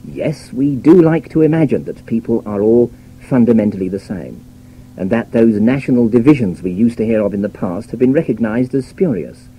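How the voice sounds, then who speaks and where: A British man reading a scripted radio talk in a measured, wry, lecturing way, on an old broadcast recording. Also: medium pitch, expressive, warm tone, a little hiss or hum, poor audio. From Britain. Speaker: radio essayist. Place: radio studio.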